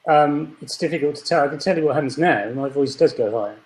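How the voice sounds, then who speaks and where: A man's voice: a little high, fast. A man co-hosting a radio show, giving short, playful answers. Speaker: radio co-host. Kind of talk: casual radio chat. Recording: roomy studio echo.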